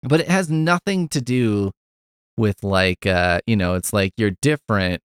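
Low-voiced man rambling through a movie review. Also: very animated, a little slow, clean tone, dry recording, clean studio sound. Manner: rambling, profane, wry. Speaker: podcast host.

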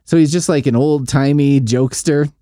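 A man's voice: on the high side, moderate pace, dark tone, no room sound, studio quality. A man hosting a podcast, recapping comics in a rambling, jokey, profane way. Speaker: podcast host. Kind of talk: casual comic book recap chat.

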